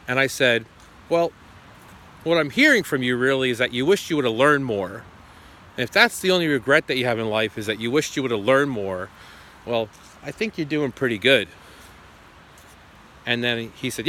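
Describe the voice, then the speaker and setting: Bright-voiced man in his forties telling a story. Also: mid-range voice, animated, normal speed, long pauses. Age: 40s. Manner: retells a phone call, acting out both sides. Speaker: vlogger. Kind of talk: casual storytelling to camera.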